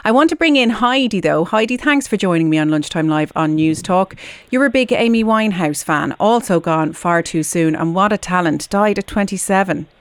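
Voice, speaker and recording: A woman's voice: on the low side, lively intonation, moderate pace, no echo. A woman hosting a live radio show, engaging her guests in conversation. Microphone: studio microphone.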